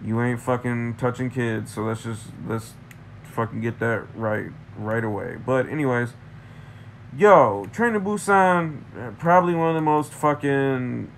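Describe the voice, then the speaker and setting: A man's voice: mid-range voice, moderate pace, creaky, a little hiss or hum. A man from Michigan, rambling through a profane, tangent-filled movie review. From Michigan, USA. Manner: profane, ranting, jumps between tangents.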